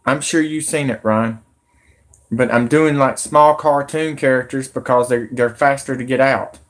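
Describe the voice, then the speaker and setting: A man talks to viewers on his live stream. His voice sits in a middle pitch. He rambles from point to point with urgency, addressing his audience directly. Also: steady tone, unhurried. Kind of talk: excited live stream talk.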